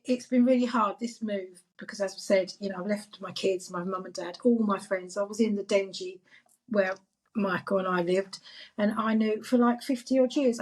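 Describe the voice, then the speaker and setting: A woman's voice: mid-range voice, rough recording. A woman from England chatting candidly and emotionally on a video call about missing her grown children. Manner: emotional, candid, acts out texts with her kids. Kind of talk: casual chat.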